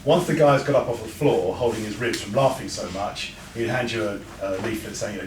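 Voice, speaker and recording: A man's voice: on the low side, fairly quick, few pauses. A man giving an informal, anecdotal talk to an audience, with frequent restarts. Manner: chatty, anecdotal, with stammered restarts. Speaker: speaker at a breeders' talk. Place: event room with an audience. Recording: echoey room, mic far off, background noise.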